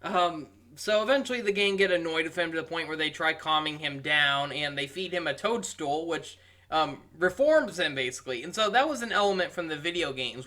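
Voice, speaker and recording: A young man giving a casual, rambling review, amused and full of pauses. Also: on the high side, pushed and bright. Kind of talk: casual commentary.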